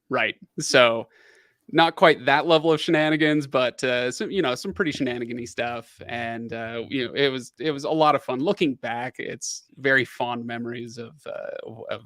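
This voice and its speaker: A middle-aged man hosts a casual livestream, telling a long personal story in a plain, mid-range voice that's a bit bright with some vocal fry. He's animated, laughs often, and fills his speech with fillers and restarts. The sound is close and dry, with no room echo.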